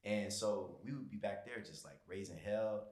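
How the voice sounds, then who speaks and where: A man's voice: on the low side, moderate pace, darkish tone. A man from Florida co-hosting a podcast, telling childhood stories in loose, laughing casual chat. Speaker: podcast co-host.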